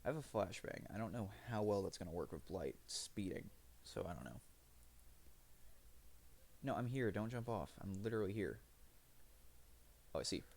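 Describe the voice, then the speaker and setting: A man narrates his own game live, rambling and cursing while laughing at his own mistakes. His voice sits low with a rough, fry-heavy grain. The pitch leaps around a lot as he reacts. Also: lively intonation, moderate pace, pauses often, darkish tone. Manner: rambling, profane, self-mocking. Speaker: streamer. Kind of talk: live gameplay commentary.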